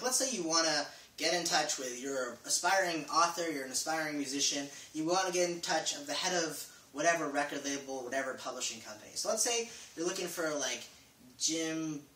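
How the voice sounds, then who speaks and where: A man's voice: a little high, animated, normal speed, sharp tone, distant mic. A man giving a casual how-to vlog, rambling with lots of fillers and small jokes. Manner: rambling, filler-heavy, jokey. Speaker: vlogger. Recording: echoey room, voice from off-mic, faint noise.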